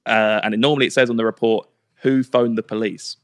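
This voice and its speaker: A man's voice: fairly low pitch, fast talker. A young man guesting on a podcast, telling stories animatedly and acting out quotes. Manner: animated storyteller who acts out quotes. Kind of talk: casual chat.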